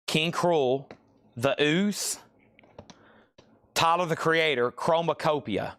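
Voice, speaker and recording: Brisk man calling out record prices. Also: a little high, fairly bright tone, clear, resonant tone, dry recording, clean studio sound. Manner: brisk, rattling off prices and buyer names. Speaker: live sale host. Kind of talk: live sales patter.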